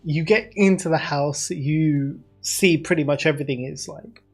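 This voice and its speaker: A man's voice: fairly high pitch, normal speed, creaky, husky, soft background music. A man with a British accent narrating as game master over a video call, hesitant with many fillers. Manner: hesitant, filler-heavy narration with frequent laughs.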